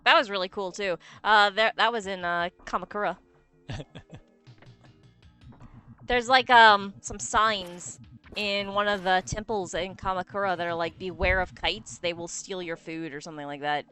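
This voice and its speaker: A woman's voice: medium pitch, moderate pace, pauses often, clean tone, faint music behind. A young woman from the United States co-hosting a game stream, telling stories with lots of laughter and fillers. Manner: animated storyteller, laughs often, many fillers. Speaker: streamer co-host. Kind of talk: casual chat over gameplay.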